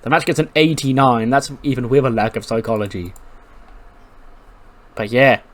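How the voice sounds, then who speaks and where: Brief: casual male game commentator, animated and profane, middle pitch. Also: normal speed. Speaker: gaming commentator. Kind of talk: casual let's-play commentary.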